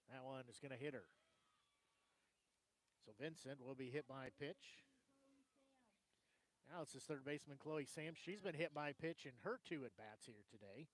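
A man calling softball play-by-play for a sports broadcast in a brisk, conversational manner. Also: mid-range voice, poor audio. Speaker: play-by-play announcer.

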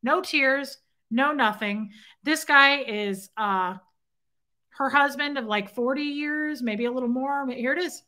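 A woman's voice: high voice, measured pace, sharp tone. A middle-aged woman hosting a casual livestream, telling a story bluntly and swearing, and stopping to greet viewers in chat. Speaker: livestream host.

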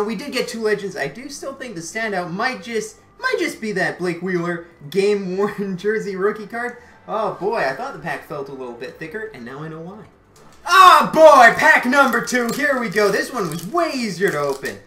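A woman from Canada, hosting her channel and excitedly commentating a card pack opening, often repeating her exclamations. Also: medium pitch, normal speed. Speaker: channel host. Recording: roomy echo, faint music behind.

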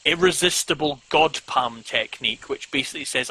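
A man's voice: medium pitch, normal speed, sharp tone, breathy edge, dry recording, rough recording. A man chatting casually as a guest, rambling with lots of "um"s and self-mocking jokes. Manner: rambling, frequent ums, self-mocking humor. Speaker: podcast guest. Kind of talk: casual video-call chat.

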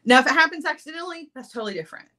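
A woman's voice: high-pitched, animated, racing, sharp tone. A middle-aged woman hosting a jewelry-making livestream, chatting casually, reading viewer comments and laughing often.

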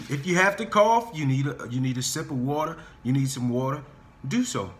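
A man teaching a singing lesson, talking his students through warm-up scales and encouraging them, often stopping to repeat himself and say "okay?" and "guys". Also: medium pitch, moderate pace. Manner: restarts and stammers while explaining.

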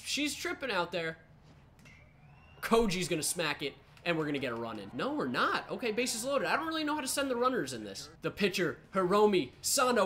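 A woman giving excitable live commentary over a baseball video game, talking to the players on screen. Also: fairly high pitch, a little hiss or hum. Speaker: gaming channel host.

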